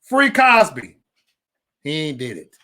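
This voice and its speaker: A man hosting a casual livestream, joking loudly and cursing, breaking into laughter often. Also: a little high, wildly swooping pitch, slow. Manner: loud, joking, profane banter with frequent laughs. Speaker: live stream host.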